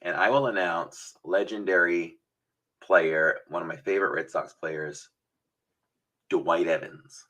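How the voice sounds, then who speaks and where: Male livestream host, low voice, slow and chatty, bright tone. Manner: chatty, rambling, breaks into announcer voices. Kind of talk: casual livestream chat.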